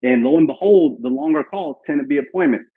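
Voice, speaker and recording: Husky man coaching sales over a tinny line. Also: on the high side, fairly quick. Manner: coaching, acts out cold-call lines. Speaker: sales trainer. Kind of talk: live sales training session. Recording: tinny phone-like call audio.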